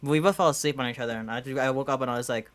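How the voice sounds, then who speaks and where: Direction: rambling young storyteller, middle pitch. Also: very fast. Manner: rambling, heavy use of "like" and restarts. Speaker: podcast co-host. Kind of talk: casual storytelling chat.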